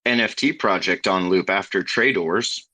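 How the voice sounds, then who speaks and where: A man's voice: deep voice, normal speed, bright, forceful tone. A man chatting casually as a guest, telling laid-back stories and swearing now and then. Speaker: guest who runs a community audio show. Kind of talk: casual chat.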